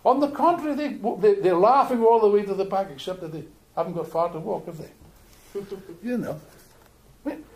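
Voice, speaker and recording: An older man from Wales with a Welsh accent, giving an animated, joking political speech to an audience in a meeting room. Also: sits high, brisk, pauses often. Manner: animated, jokey, repeats words while building points. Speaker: political speaker.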